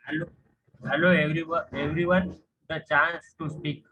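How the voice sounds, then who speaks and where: A man with an Indian accent answers his teacher hesitantly, in short broken phrases. His voice sits a little high and comes through a muffled, lo-fi line. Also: level tone, normal speed, slight background noise. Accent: Indian English. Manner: hesitant, speaks in short fragments. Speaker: student.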